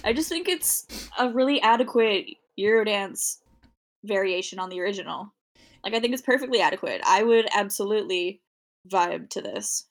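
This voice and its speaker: A woman's voice: mid-range voice, animated, moderate pace. A woman in casual podcast chat, joking and imitating sounds.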